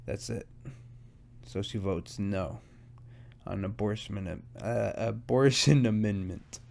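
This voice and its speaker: Slow and a bit mellow, a man's lowish, gravelly voice carries his casual solo podcast monologue. He's stoned as he hosts, rambling along, cursing and poking fun at himself.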